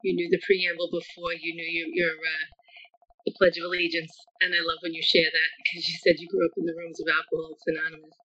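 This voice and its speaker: A woman's voice: fairly low pitch, flat delivery, fast talker, bright, forceful tone. A middle-aged woman speaking earnestly at a recovery meeting on a video call, grateful and rambling, with many fillers. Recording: dull lo-fi call audio.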